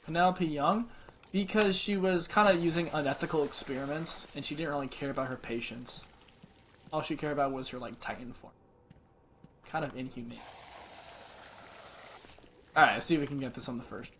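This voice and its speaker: A man's voice: fairly high pitch, a little fast, long pauses, a bit bright, a little hiss or hum. A man streaming a game in casual commentary, rambling, chatting with viewers and cheering on his character. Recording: game music playing behind. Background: game music.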